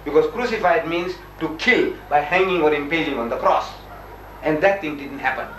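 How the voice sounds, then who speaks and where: An older man argues with emphatic, animated energy and slips into voices for his quotes. His voice sits a little high. It comes from a distance in an echoey room, with faint noise underneath. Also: normal speed. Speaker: Muslim debater. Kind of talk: lively debate with a missionary.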